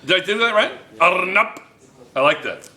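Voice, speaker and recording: Chemistry teacher, man, bright and a bit high, playful, repeats key phrases. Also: sing-song, quick pace, reverberant. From United States. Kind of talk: classroom teaching. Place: classroom.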